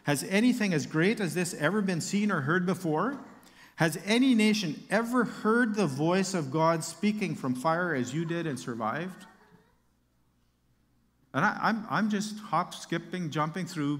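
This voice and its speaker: A man's voice: high voice, lively intonation, moderate pace, fairly bright tone, big-room sound. A man preaching a sermon, reading Bible verses aloud and explaining them with casual asides and light humor.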